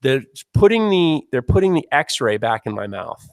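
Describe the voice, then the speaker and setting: Animated forty-something man telling a story. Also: medium pitch, normal speed, dry recording, studio quality. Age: 40s. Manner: animated, swearing, self-mocking. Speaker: podcast host. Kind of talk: casual storytelling chat.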